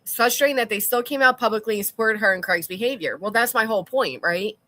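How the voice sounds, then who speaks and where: A woman's voice: a little high, fast, bright, forceful tone. A middle-aged woman hosting a casual livestream, chatting and rambling as she reads out viewer comments.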